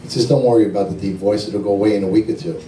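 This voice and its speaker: Deadpan man telling jokes in echoey club. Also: fairly low pitch, very fast. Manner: deadpan, laughs at own jokes. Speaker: stand-up comedian. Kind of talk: stand-up joke telling. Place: lounge club stage. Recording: echoey club from far off, noisy.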